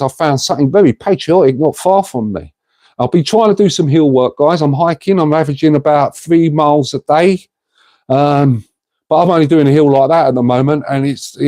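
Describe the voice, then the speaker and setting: Chatty man with a mellow voice. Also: a little high, no room sound. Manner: rambling, chatty, addresses viewers as mate. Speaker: livestream host reading chat. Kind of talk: casual livestream chat.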